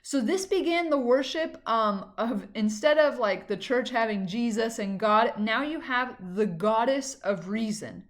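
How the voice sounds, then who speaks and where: A woman's voice: fairly high pitch, a little slow, hardly any pauses. A woman teacher giving a recorded history lesson in a casual, chatty way, with frequent "um" and "like".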